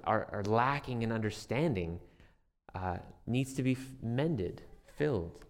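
A man's voice: medium pitch, long reverb tail. A man preaching a sermon as a pastor, earnest and conversational, with restarts and light self-deprecating humor.

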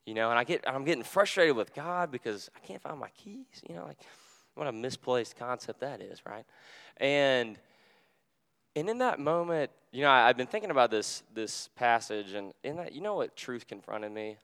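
A young man preaching a sermon in a conversational, animated way, full of fillers, and dropping to a hush for quoted words. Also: mid-range voice, normal speed, gravelly. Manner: drops to a hushed voice when quoting Jesus.

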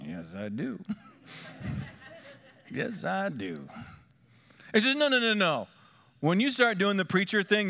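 Man preaching, soft to soaring. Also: mid-range voice. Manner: dynamic preaching, swinging between hushed asides and lifted, bigger emphatic lines. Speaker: pastor. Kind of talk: sermon.

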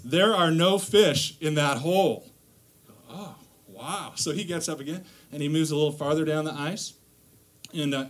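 A man's voice: medium pitch, fairly bright tone. Chatty self-deprecating church speaker, man. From northern United States. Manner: chatty and self-deprecating, with many fillers and restarts. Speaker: guest lay preacher. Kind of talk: casual sermon. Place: church sanctuary.

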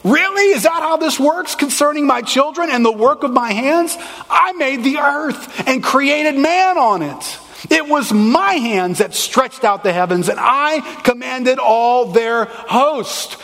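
An indignant, exasperated God rebukes his creations, as a preacher puts him on, his voice pushed up high and loud. The rebuke is emphatic and scolding. Long reverb from a large hall trails every word. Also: animated, a little slow, heavily acted. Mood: booming.

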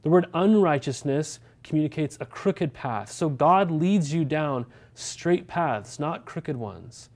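A man preaching a sermon, his voice set a little high for a man but mellow and warm in tone. He talks to the congregation directly, firing off rhetorical questions and tagging points with a quick "right?". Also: animated. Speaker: pastor.

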